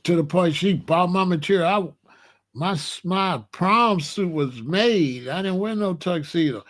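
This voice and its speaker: A man tells a story in a loose, chatty way, laughing as he goes. His voice sits fairly high for a man. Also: a little slow. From Alabama, US. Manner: animated, chatty, laughs often. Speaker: host. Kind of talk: casual storytelling.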